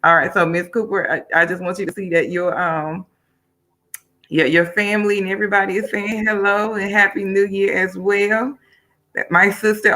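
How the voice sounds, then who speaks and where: A woman's voice: mid-range voice, fairly even intonation, moderate pace, bright, forceful tone. A woman from Miami hosting a livestream talk show, upbeat and colloquial, chatting to her viewers between questions. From Miami, Florida. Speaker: host.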